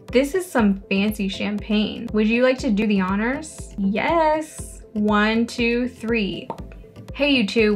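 A young woman reading a story game aloud and joking sarcastically as she plays. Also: on the high side. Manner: sarcastic, playful, reads characters in quick voices. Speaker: gaming YouTuber.

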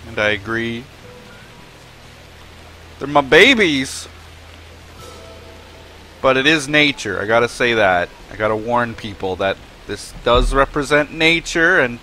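A young man commenting on a game he is playing, his voice bright and his pitch rising and falling a lot. He talks tenderly and with feeling to the creatures on screen. Faint music plays under him. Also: lively intonation, a little slow, pauses often. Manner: emotional, talks tenderly to the game's animals. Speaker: gaming video host. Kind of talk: let's play commentary.

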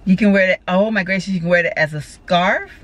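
A woman's voice: fairly low pitch, fairly quick, a bit bright. A woman, talking casually and effusively to her viewers as she unboxes gifts, full of exclamations and heartfelt thanks. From Texas. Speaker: vlogger. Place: parked car. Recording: car with road noise.

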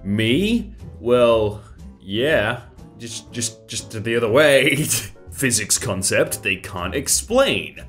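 A man's voice: medium pitch, lively intonation, very slow, fairly bright tone, soft background music. A man in his thirties doing casual meme commentary, reading captions aloud, then joking and laughing often. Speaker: meme reaction host.

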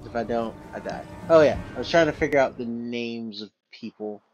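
Here a man with a mid-range voice, at normal speed, narrates a let's play, voicing on-screen game text and thinking aloud with filler words. The sound is dull lo-fi, accompanied by game music.

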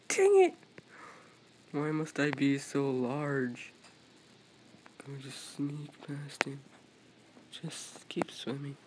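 A man commenting on his own gameplay as he plays, excitable, yelping at other players one moment and muttering to himself the next. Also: fairly high pitch, background noise. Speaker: gaming video creator.

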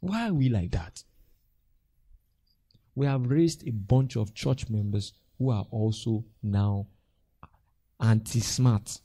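A man's voice: on the low side, takes it slowly, long pauses, husky, dry recording. A Nigerian man preaching a sermon as pastor, acting out church members' voices as he talks. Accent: Nigerian English. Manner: animated, acts out church members' voices with laughter.

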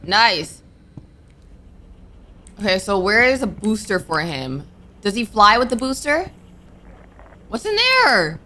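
A woman's voice: medium pitch, sing-song, slow, long pauses, bright, forceful tone, a little hiss or hum. A young woman commenting on her gameplay, talking to herself and jumping with nervous exclamations, with game music behind her. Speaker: gaming streamer.

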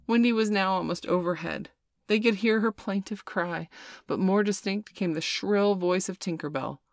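Female storybook reader, lowish voice, dry close sound, animated character voices. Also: vocal fry, no room sound. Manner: acts out characters with raised pitch. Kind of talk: storybook read-aloud.

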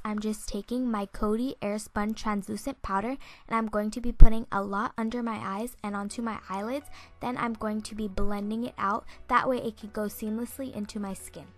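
A woman's voice: medium pitch, fairly even intonation, moderate pace. Teenage girl, beauty vlogger, morning voice, chatty and rambling, faint music behind. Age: teens. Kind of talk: casual makeup tutorial narration.

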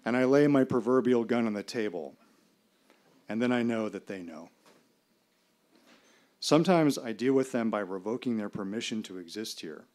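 Low-voiced man telling a dramatic story. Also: lively intonation, darkish tone. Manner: measured, dramatic delivery with pauses. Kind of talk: live personal storytelling performance. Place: small live venue.

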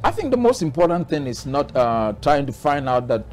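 A man's voice: fairly high pitch, sing-song, normal speed, a little mellow. A man from Ghana, a bishop answering interview questions in a preaching manner, driving his points home with repeated rhetorical questions.

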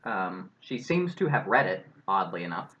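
A man's voice: sits low, very animated, moderate pace, background noise. A man running a tabletop role-playing game as game master, laid-back and chuckling. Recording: muffled lo-fi recording.

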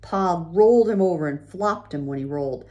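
A woman reading a children's chapter book aloud, gently pausing to show pictures. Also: fairly low pitch. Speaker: reader.

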